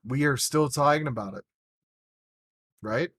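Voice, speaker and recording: A man's voice: mid-range voice, measured pace, a bit bright, no room sound. A man co-hosting a casual podcast, telling rambling stories and swearing freely. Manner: profane, rambling storyteller. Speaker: podcast co-host.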